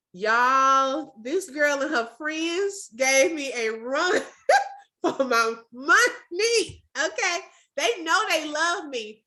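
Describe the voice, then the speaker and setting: A woman's voice: high voice, sharp tone. A woman, a former teacher hosting a casual video-call chat, speaks in an effusive, emotional way and keeps repeating herself for emphasis.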